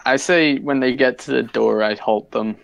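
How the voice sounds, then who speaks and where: A man's voice: medium pitch, moderate pace, creaky, highs cut off. A man playing a tabletop game, speaking hesitantly with many fillers and stumbles. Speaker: player. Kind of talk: casual chat at a game table.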